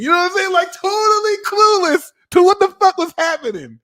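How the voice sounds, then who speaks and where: A young man doing a live tarot reading, telling stories in a casual, slangy way and now and then bursting into loud acted-out lines. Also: very high-pitched, moderate pace. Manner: animated, slangy, swings into loud acted-out exclamations. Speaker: tarot reader.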